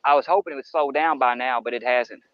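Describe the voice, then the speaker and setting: Talking quickly in a mid-range voice, a man chats casually on a fishing livestream at night, rambling folksily to viewers from a riverbank by the woods. His camera-mounted microphone near the water gives dull audio with no echo.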